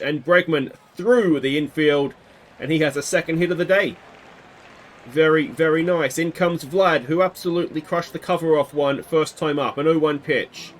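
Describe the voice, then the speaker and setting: A man giving casual play-by-play commentary on a baseball video game he is playing, with bursts of excitement on big hits. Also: fairly high pitch. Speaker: gaming video host.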